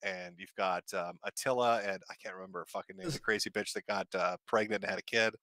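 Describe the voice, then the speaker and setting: Man, bright forceful voice, crude and laughing, dry close audio. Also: deep voice, fairly even intonation, no room sound. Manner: crude, laughing, quick questions. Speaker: podcast host. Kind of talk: casual podcast conversation.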